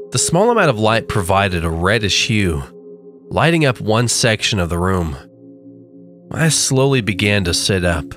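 A man narrating a creepy story with slow, dramatic delivery. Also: fairly low pitch. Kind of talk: scripted horror narration.

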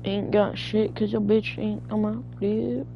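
A woman trash-talking her way through a co-op zombie game, barking orders and swearing freely. She speaks at an unhurried, drawn-out pace. The audio is dull and lo-fi, with faint music underneath. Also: medium pitch, little pitch movement. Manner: bossy, profane trash talk. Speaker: gamer playing co-op zombies. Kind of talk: casual gameplay chat.

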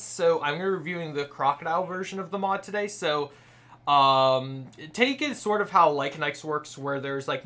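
Young man, game video host, casual loose commentary, bright edgy tone, slightly high voice. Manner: chatty, loose, many fillers while reading aloud. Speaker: gaming channel host.

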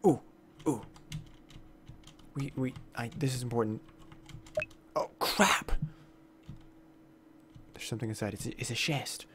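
A man's voice: medium pitch, a little slow, long pauses. A man commentating a horror game as he plays, jumpy and exclaiming with minced oaths, reading the dialogue aloud. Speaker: gaming YouTuber. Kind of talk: let's play commentary.

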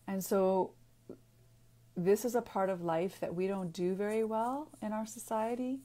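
Woman, naturopathic doctor and author, unscripted personal video; earnest, halting delivery, lots of restarts and fillers, mid pitch. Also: dark tone. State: getting emotional.

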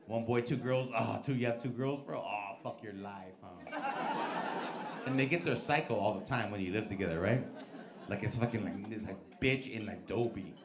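A man in his forties works the crowd from a comedy club stage, brash and profane as he teases the audience. His voice sits on the low side and moves at a normal speed. The club is echoey, with a laughing audience audible throughout.

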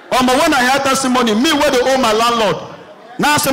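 A young man with a Nigerian Pidgin English accent doing an animated stand-up routine on a comedy stage, telling shouted stories with punchy asides. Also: extremely high pitch, quick pace, low-quality recording.

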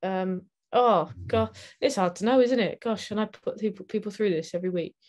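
A woman's voice: medium pitch, brisk, a little mellow. A woman, a comedian chatting as an interview guest, hesitant and self-deprecating with lots of ums. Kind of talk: casual interview chat.

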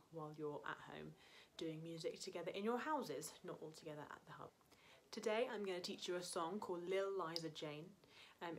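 A woman's voice: lowish voice, slight background noise. A woman music teacher leading an online singing lesson for children, patient and encouraging as she explains and counts in. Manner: encouraging, patient, speaks to young learners.

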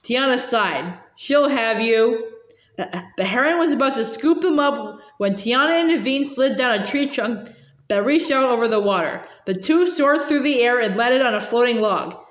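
A woman reading a children's novel aloud, halting and repeating words with many uhs. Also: a little high, animated, roomy sound. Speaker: reader.

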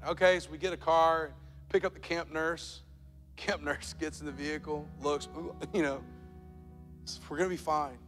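A man preaching a sermon as pastor, telling a story and building to loud, emphatic points. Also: fairly high pitch, flat delivery, normal speed. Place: large church auditorium. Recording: church hall reverb with soft music.

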